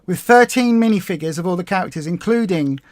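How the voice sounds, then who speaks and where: A woman co-hosting a casual livestream chat, talkative and excitable with quick asides. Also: lowish voice, dry recording, clean studio sound. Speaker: co-host of a weight loss livestream.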